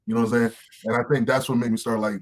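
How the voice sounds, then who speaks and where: Speaking very fast in a mid-range voice, a thirtysomething man guests on a podcast interview. He tells frank, animated stories, swears freely and does voices for the people in them.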